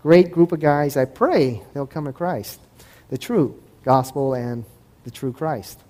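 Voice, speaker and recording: A man giving a conversational talk to an audience as a host and Christian apologetics speaker, acting out past dialogues in quick voices. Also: on the high side, a little mellow. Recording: echoey hall with long reverb.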